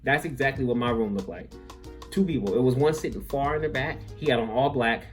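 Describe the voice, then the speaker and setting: A young man telling a comic story from his school days, full of "like" and quick asides. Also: mid-range voice, over loud music. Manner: animated, filler-heavy, lots of "like". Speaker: vlogger.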